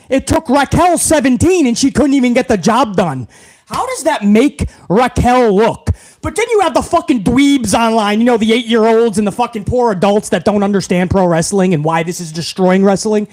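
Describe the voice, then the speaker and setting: A man's voice: very high-pitched, expressive, moderate pace, a little mellow. A man hosting a wrestling show, ranting to his chat in a heated, mocking way and swearing constantly. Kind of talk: profane rant to a live chat.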